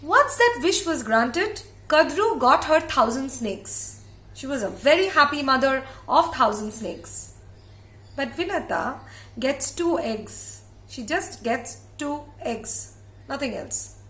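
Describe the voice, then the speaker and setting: A woman storyteller tells an old myth with drama, repeating phrases to build effect. Her voice sits a little high and unhurried. It rings in a roomy, echoey space. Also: lively intonation, fairly bright tone. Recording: echoey room.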